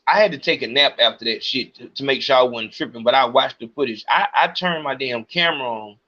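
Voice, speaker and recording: Agitated man venting, bright-edged voice. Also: mid-range voice, brisk, highs cut off. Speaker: podcast host. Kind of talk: ranting monologue.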